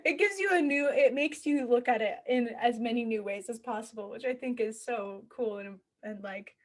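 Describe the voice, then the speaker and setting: Higher-voiced young woman podcast host. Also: moderate pace. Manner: laughs often, chatty and musing. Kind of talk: casual chat.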